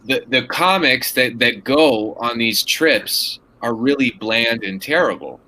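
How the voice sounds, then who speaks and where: A man chatting casually, halting with many fillers and restarts. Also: mid-range voice, animated, noisy background. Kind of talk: casual chat.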